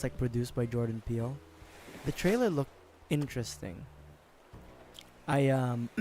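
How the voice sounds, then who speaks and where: A young man streaming a game, chatting casually in a rambling way, swearing and laughing often. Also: mid-range voice. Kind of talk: casual livestream chat while gaming.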